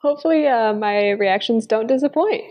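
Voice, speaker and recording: A soft-spoken woman co-hosting a podcast in casual chat, quiet and saying little. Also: fairly high pitch, moderate pace. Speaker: podcast co-host.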